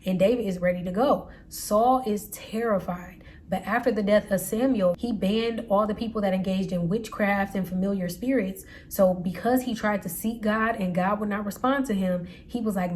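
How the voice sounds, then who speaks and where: A woman's voice: medium pitch, normal speed, few pauses, darkish tone, slight background noise. A woman hosting a Bible reading show, retelling scripture in a casual, slangy, conversational way with playful quoted voices. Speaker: Bible study host.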